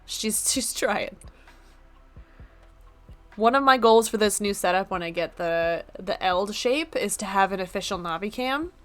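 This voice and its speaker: A woman's voice: medium pitch, lively intonation, measured pace, fairly bright tone, soft background music. A young woman streaming from her apartment desk, chatting casually with a playful, self-mocking manner. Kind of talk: casual live-stream chat.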